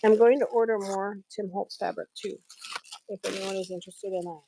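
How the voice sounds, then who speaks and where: A woman's voice: medium pitch, steady tone, a little fast, noisy background. A middle-aged woman chatting on a craft live stream, telling stories and laughing often while she works.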